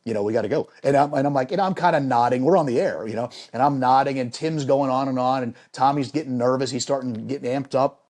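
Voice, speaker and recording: Middle-aged broadcaster man, dark, animated storyteller. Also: mid-range voice, fast, hardly any pauses. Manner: lively anecdotal, repeats phrases for emphasis. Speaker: sports broadcaster guest. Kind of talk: animated storytelling in a podcast interview.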